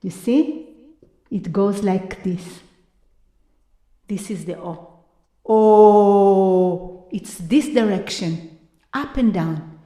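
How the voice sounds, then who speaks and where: A woman giving a live lecture-performance, moving between hushed whispers and loud, drawn-out vocal sounds she repeats for effect. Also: medium pitch, expressive. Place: university hall, live before an audience. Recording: echoey live room.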